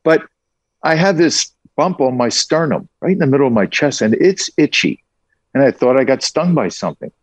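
A man being interviewed, talking in a lively, casual way with quick asides. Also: medium pitch, breathy edge, no room sound. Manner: energetic storyteller, quick asides. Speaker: guest.

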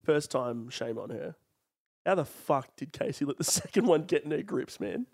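A man chats on a podcast, joking and firing back quick replies. His voice sits a little high for a man and moves a lot in pitch. The tone is loose and casual. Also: lively intonation, gravelly, no echo, studio quality. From Australia. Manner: chatty, quick backchannel replies and jokes. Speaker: comedian podcast co-host. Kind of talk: casual chat.

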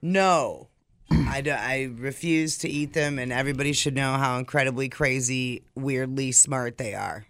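A man's voice: mid-range voice, normal speed, fairly bright tone, dry recording. A man co-hosting a morning show podcast, reading out odd news stories with sardonic asides. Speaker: co-host. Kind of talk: casual morning show banter.

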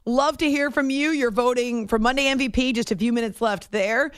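A middle-aged woman hosting a late-night sports radio show, chatty and animated, in a studio. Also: on the high side, fairly quick, smooth, dry recording. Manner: chatty, animated storytelling with laughs and restarts. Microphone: studio microphone.

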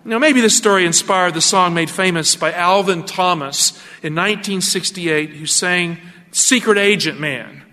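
A man preaching a radio sermon in an animated, emphatic way, asking his listeners rhetorical questions. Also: sits high, moderate pace, in a large hall.

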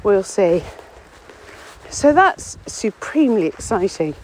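A local author and podcast contributor chats rambly and self-deprecatingly in a casual walking diary, slightly out of breath among the trees of a windy common. Her medium-pitched voice is very animated but slow-paced. It's captured on a phone or portable recorder with no headphones, in low quality.

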